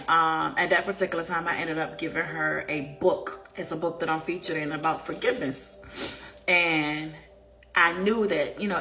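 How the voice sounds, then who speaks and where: A woman and life coach sharing a personal faith testimony, speaking in an animated, conversational way and near tears at times. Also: on the low side.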